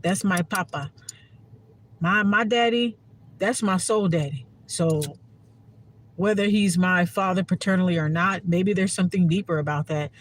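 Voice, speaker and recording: A woman's voice: fairly low pitch, normal speed, a little hiss or hum. Woman, spiritual vlogger, casual monologue, profane, heartfelt, emphatic. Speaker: spiritual content creator.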